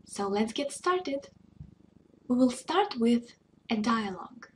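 A woman teaching a beginner language lesson, speaking in a patient, deliberate way and repeating phrases for learners to echo. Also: a little high, lively intonation, slight background noise. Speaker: Russian tutor.

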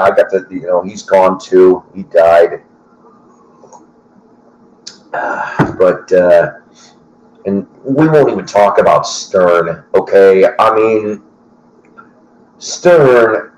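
A man's voice: on the low side, darkish tone. A middle-aged man hosting a casual chat, rambling and conversational with lots of fillers and restarts. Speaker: host. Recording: roomy echo.

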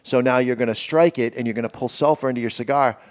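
A man's voice: mid-range voice, fast. A man who hosts a cigar podcast, explaining gear in a casual, salesy way.

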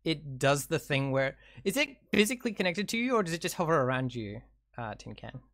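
A man narrating as game master, halting and full of fillers and restarts. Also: on the high side, sing-song, a bit bright, no echo, clean studio sound.

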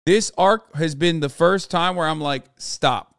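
A man's voice: fairly high pitch, moderate pace, creaky, fairly bright tone, smooth, dry recording, clean studio sound. A man streamer in a casual, profane rant, talking emphatically and sounding exasperated.

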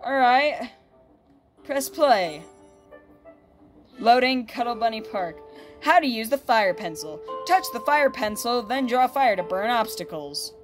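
A chatty woman gives upbeat let's-play commentary, her voice sitting a little high for a woman. She reads the on-screen prompts aloud as she plays. Clear background music runs under her talk. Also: lively intonation, measured pace, pauses often. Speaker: gaming channel host.

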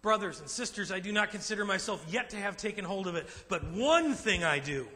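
A high, bright-voiced man preaching a sermon with emphatic, animated delivery and acted asides. His voice rings with the long reverb of a large church hall. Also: brisk. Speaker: pastor. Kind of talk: sermon to a men's group.

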